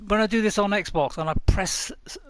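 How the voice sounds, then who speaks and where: A man's voice: high-pitched, normal speed. A man live-streaming a game from home, chatting casually and rambling with little chuckles, close to his desk mic. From United Kingdom. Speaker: gaming streamer. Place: home room.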